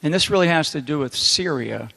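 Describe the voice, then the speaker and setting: Brief male moderator, slightly high voice, halting, roomy hall, faint crowd. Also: animated, creaky, pushed and bright. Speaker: moderator, retired general. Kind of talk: asking a question at a roundtable. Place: large indoor theater.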